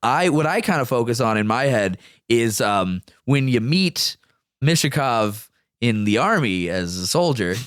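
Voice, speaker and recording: A man co-hosting a podcast, telling a story in loose, crude chat with plenty of swearing and laughter. His voice sits at an ordinary middle pitch, recorded close on a dry studio mic. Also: sing-song, a little slow, a bit bright, smooth, no room sound. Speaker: podcast co-host.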